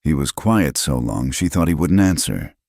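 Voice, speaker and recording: A man narrating a scripted story in a slow, measured, hushed way. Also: extremely low pitch, expressive, gravelly, dry recording, clean studio sound.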